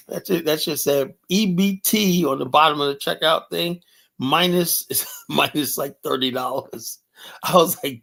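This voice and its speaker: A man's voice: on the high side, measured pace, creaky, a bit bright. A man hosting a livestream, talking in a grumpy, profane, rambling way. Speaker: livestream host. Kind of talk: casual ranting livestream talk.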